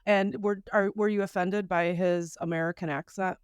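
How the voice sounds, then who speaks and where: A woman's voice: on the low side, steady tone, moderate pace, clean tone, dry recording, studio quality. A woman co-hosting a podcast in casual chat, reflective and chatty, laughing often. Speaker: podcast co-host.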